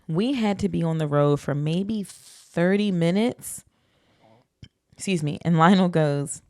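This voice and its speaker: A young woman podcast host, telling a story in an animated, profane, casual way. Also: fairly low pitch, measured pace, clean tone, no room sound, studio quality.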